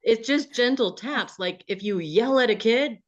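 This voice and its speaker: A woman joining a casual group chat, joking and lively. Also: a little high, a little slow. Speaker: group participant. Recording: dull lo-fi sound.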